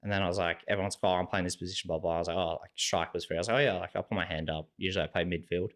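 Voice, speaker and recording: His voice sits low and he races along: a young Australian podcast guest in a relaxed storytelling chat. He animatedly acts out other people's lines and uses "like" in almost every sentence.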